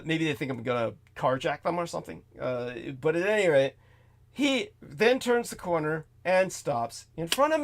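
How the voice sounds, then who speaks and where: A man hosting a talk show delivers an exasperated, profane monologue. His voice sits high for a man and leaps all over its range, dropping to mutters and then flaring up. He sounds incredulous and fed up. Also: fairly bright tone. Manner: profane, exasperated, swings between mutters and outbursts. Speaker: show host. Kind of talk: ranting storytelling monologue.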